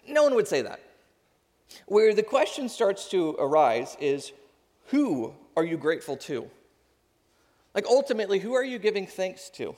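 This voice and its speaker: A pastor, a man in his thirties, giving a conversational sermon with lively asides. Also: high-pitched. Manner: conversational preaching, animated, quick asides. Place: church sanctuary. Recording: long hall reverb.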